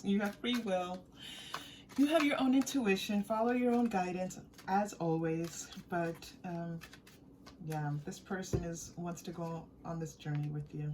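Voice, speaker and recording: A woman's voice: fairly low pitch, unhurried, a little hiss or hum. Giggly woman giving a tarot reading. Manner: giggly and warm, often breaking into laughter; chatty, repeats phrases while thinking aloud. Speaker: tarot reader. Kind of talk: intuitive tarot reading to viewers.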